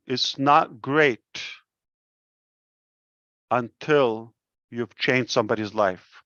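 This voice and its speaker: A man with a delivery speaks slowly and earnestly on a live stream. His words come measured and deliberate, like a founder addressing his members. The audio is dry and dull, as from a close but muffled mic. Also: medium pitch, fairly bright tone, no echo. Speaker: company founder presenting to members.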